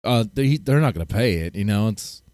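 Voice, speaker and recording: A man commenting on clips from a close desk mic, his voice bouncing around a lot in pitch. He jokes crudely and rambles, restarting his sentences. The sound is dry with no room around it. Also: lively intonation, fairly quick, darkish tone, dry recording. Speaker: streamer reacting to clips. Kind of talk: casual reaction commentary.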